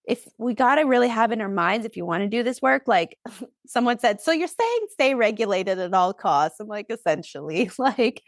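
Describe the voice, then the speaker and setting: Energetic woman therapist, dry sound. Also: a little high, dry recording. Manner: energetic, emphatic, quick bursts with pauses. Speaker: ADHD therapist and coach, guest. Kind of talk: podcast interview.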